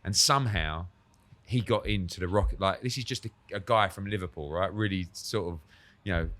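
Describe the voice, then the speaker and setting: A British man, a boxing promoter, telling lively sarcastic stories in a casual podcast interview and acting out the quotes. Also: sits low, brisk. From England. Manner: animated storyteller, acts out quotes, sarcastic.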